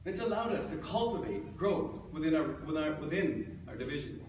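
High-voiced man presenting in an echoey hall. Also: big pitch swings, fairly quick, darkish tone. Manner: joking, engages the audience. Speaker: chief appraiser presenting. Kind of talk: conference presentation. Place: large conference hall. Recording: echoey hall, distant mic, faint noise.

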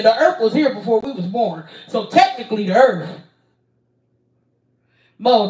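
A young woman streams live, answering viewers' questions in a slow, unhurried drawl full of ums and casual swearing. Her voice sits a little high and carries the echo of a roomy space, picked up from a distance. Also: darkish tone. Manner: profane, blunt, hesitant with frequent ums. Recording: roomy sound, distant from mic.

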